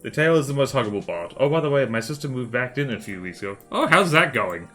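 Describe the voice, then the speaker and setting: Lively-voiced man chatting while he draws. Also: mid-range voice, fast talker, faint music behind. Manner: chatty, mutters to himself, jokes with chat. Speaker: art streamer. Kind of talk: casual chat while drawing live.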